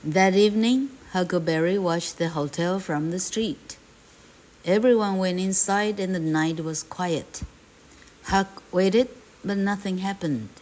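Slow, low-voiced woman reading aloud. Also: a little mellow. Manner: slow and clear, for learners. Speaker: English reading teacher. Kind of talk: slow read-aloud of a graded reader.

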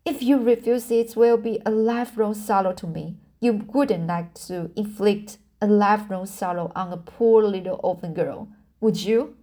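A woman's voice: mid-range voice, fairly even intonation, moderate pace, warm tone, natural voice. A woman voicing a dramatic, talkative young orphan girl pleading for forgiveness in a storybook.

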